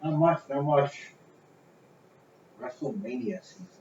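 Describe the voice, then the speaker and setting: A man's voice: mid-range voice, animated, a little slow, darkish tone. A man co-hosting a casual podcast, giving blunt, opinionated takes with plenty of swearing. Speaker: podcast co-host. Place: home garage. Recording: roomy, dull garage sound with faint noise.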